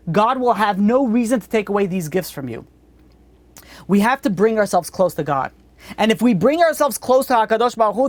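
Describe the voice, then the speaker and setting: A man's voice: extremely high pitch, no room sound. A man teaching a Torah class as a rabbi, blunt and earnest, often restarting his sentences.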